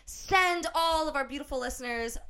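A woman's voice: sits high, moderate pace, fairly bright tone. A young adult woman co-hosting a podcast in casual chat, loose and giggly, swearing freely. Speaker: podcast co-host.

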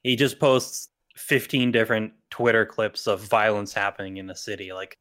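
A man's voice: fairly low pitch, normal speed, a bit bright. A man in a casual stream chat, sounding dry, exasperated and profane.

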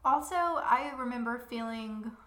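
A woman co-hosting a podcast in casual book-discussion chat, quick and jokey, often acting out quoted reactions. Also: on the high side, a bit bright. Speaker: podcast co-host. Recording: echoey room.

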